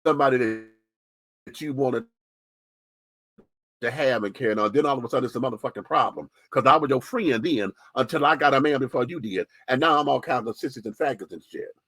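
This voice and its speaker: A man's voice: medium pitch, a little fast, fairly bright tone, no room sound. A man hosting a radio show, speaking in impassioned, profane, sassy commentary.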